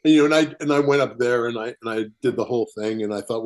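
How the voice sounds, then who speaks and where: A man, a writer, telling a personal story as a podcast guest, animated and chuckling as he acts out quotes. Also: mid-range voice, fairly quick, hardly any pauses. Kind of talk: casual storytelling interview.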